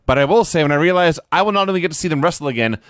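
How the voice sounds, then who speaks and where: An enthusiastic man co-hosting a wrestling podcast, defending the matches he loved. His fairly high voice rises and falls a lot, recorded dry and close. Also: lively intonation, very fast, clear, resonant tone, no echo. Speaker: podcast co-host. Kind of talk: casual wrestling recap chat.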